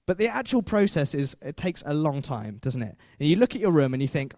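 A man's voice: on the high side, expressive, measured pace, long pauses, a little mellow, dry recording, clean studio sound. Chatty self-deprecating preacher man. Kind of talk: sermon.

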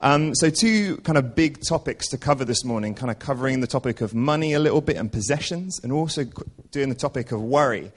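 A man's voice: medium pitch, fairly quick, few pauses. A young man preaching a casual, earnest church sermon, with many ums and restarts.

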